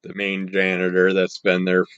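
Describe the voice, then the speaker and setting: A man reviewing comic books in a casual, rambling monologue, his voice scratchy from the morning and his throat needing clearing. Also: deep voice, normal speed, no room sound, dull audio. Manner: rambling, relaxed, trails off mid-sentence.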